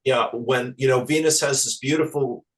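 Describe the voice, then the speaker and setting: Halting man, spiritual guest. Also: mid-range voice, fairly even intonation, rough recording. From Ireland. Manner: halting, many restarts, earnest and affectionate. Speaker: spiritual teacher and channel, guest. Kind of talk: casual spiritual interview chat.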